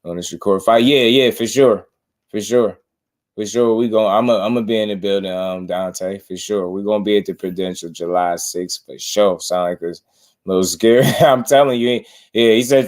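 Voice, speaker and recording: Boxing stream host, male, lowish voice, loose slangy banter, laughs a lot while reading chat. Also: moderate pace, a little mellow. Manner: slangy, laughing, riffing on viewer comments. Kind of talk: casual livestream chat.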